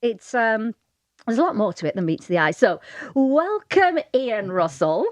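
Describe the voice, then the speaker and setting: A woman's voice: fairly high pitch, sing-song, unhurried, dry recording. A British woman co-hosting a casual chat show, talking in a chatty way and laughing often. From Britain. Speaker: co-host.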